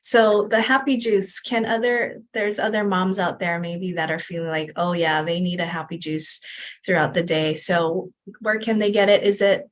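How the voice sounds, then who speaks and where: A woman's voice: fairly low pitch, steady tone, moderate pace. A woman hosting a podcast interview, upbeat and encouraging toward her guest. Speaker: podcast host and business coach.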